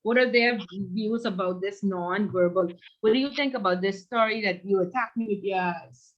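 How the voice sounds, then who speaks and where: A woman instructor leading an online class, telling a workplace story in an animated way. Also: medium pitch, moderate pace, lo-fi sound. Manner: animated, acts out quoted voices.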